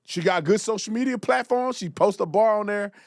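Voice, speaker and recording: A man hosting an opinionated commentary show, talking in an animated, slangy way and repeating words as he starts a thought. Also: high voice, brisk, vocal fry, dry recording, clean studio sound. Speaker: host.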